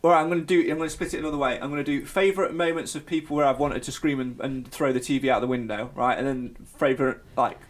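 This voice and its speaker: A man co-hosting a casual podcast chat, animated and mocking, often breaking into shrill put-on voices. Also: fast talker, few pauses. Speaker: podcast co-host.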